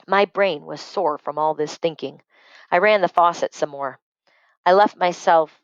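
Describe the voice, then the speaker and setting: A woman's voice: on the low side, dry recording. A woman reading a children's book aloud expressively, stopping to explain words and checking in with "okay?". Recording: dry, dull muffled recording.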